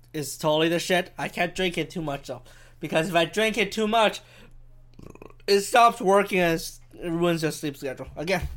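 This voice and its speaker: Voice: mid-range voice, fairly bright tone. A podcast host, ranting alone in a rambling, profane, self-mocking way, with the microphone held a bit too far from the face. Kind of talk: solo podcast rant. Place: home in Vancouver. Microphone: handheld microphone held too far from the face.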